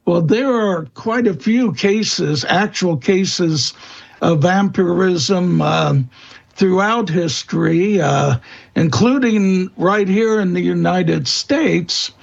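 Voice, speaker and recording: A man speaking as a guest expert in an interview, answering in a halting way with many fillers and restarts. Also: high-pitched, expressive, gravelly, lo-fi sound. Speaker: guest expert on vampire lore.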